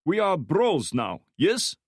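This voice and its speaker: A man's voice: on the high side, wildly swooping pitch, slow pace, husky, no room sound, studio quality, pitched above the performer's own voice, exaggerated voice. A male narrator voicing a wiry, jovial Slavic torturer with a heavy Slavic accent who masks threats with friendly banter. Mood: menacing.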